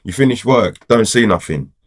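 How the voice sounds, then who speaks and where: A football fan vlogger, male, rants casually to the camera in a rambling, exasperated way, leaning hard on "you know" and "do you get what I'm saying." His voice is fairly low and expressive, at a moderate pace.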